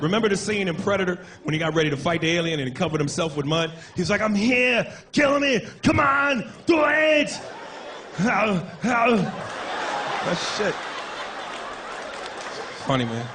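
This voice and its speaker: A man doing a stand-up comedy set on a club stage, brash and profane, breaking into shouted impressions. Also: on the high side, a little hiss or hum.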